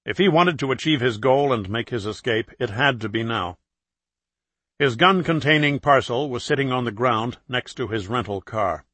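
A man's voice: mid-range voice, no room sound. Man reading a thriller, dry and close. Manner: steady, measured reading. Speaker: audiobook narrator. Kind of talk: scripted thriller narration.

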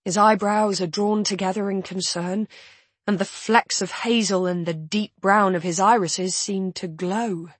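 Brief: woman audiobook narrator, unhurried, breathy tone, dry close recording. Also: mid-range voice, fairly even intonation, no echo. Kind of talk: first-person scripted narration.

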